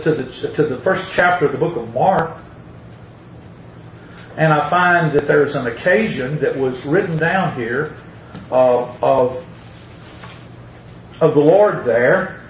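A man with a somewhat high voice preaches a sermon, reading scripture aloud and hammering his points home by repeating phrases emphatically. The recording is rough, made from a distant mic in an echoey room with slight background noise.

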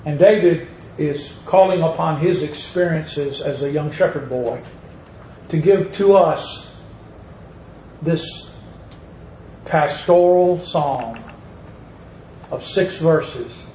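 Slow, emphatic preacher in an echoey church. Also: male voice, a little high, dark tone, a little hiss or hum. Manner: slow, emphatic preaching with drawn-out words and rising stresses. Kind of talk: sermon. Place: church sanctuary. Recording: echoey room with faint ambience.

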